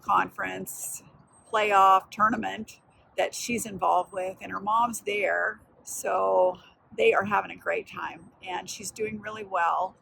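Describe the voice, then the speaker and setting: A woman's voice: mid-range voice, gravelly, slight background noise, poor audio. An older woman hosting a casual vlog outdoors in a park. She tells family stories in a reflective, encouraging way. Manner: warm, reflective, encouraging talk about family. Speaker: host. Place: outdoors in a park, walking and resting. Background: music.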